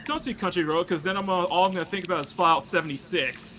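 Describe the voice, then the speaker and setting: A man's voice: sits high, steady tone, fast talker, very noisy. A man on an online call during a live stream, ribbing and mock-scolding the host in casual chat. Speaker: guest on a stream.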